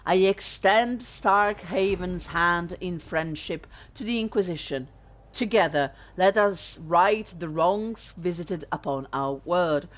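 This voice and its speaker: A woman's voice: on the low side, slow. A woman reading out a pompous devout prince. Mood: formal, lofty. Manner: formal, grand letter reading. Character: pompous devout young male prince writing a letter.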